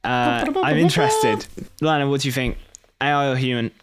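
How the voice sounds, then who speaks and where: A man's voice: mid-range voice, normal speed, very noisy. A man hosting a casual podcast poetry game, teasing the players as quiz-master. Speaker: podcast host.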